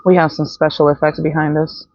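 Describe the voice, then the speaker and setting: A woman's voice: low voice, flat delivery, fairly quick, dry recording. A woman talking in a blunt, profane, rambling unscripted monologue as a vlogger. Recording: dull, dry, lo-fi sound.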